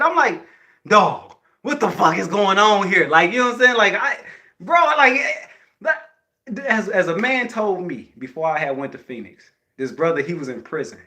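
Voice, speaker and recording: A man's voice: sits high, pushed and bright. A man telling a casual story to his viewers, heavy with slang and swearing and a constant "you know what I'm saying". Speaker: vlogger addressing viewers.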